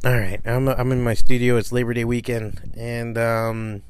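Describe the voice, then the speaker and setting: This middle-aged comic shop owner hosts his own podcast from his studio, rambling casually with free swearing and self-deprecating humor. His medium-pitched voice barely moves in pitch and runs at normal speed, with slight background noise.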